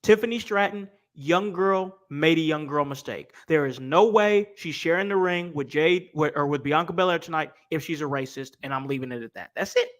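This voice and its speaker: Man, livestream host, emphatic, repeats himself, higher voice. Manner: emphatic, repeats points slowly. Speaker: podcast host. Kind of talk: casual livestream chat.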